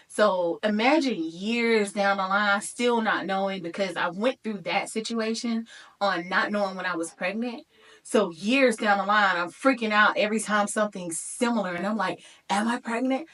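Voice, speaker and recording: A woman in her thirties telling a personal story to her viewers in a lively, chatty way, talking to them as y'all. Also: mid-range voice, moderate pace, far from the mic. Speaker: vlogger.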